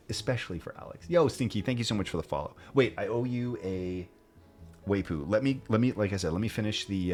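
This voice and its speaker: A man streaming live, chatting casually and animatedly with his viewers and mimicking excited fans. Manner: animated, laughing, mimics fans in high squeals.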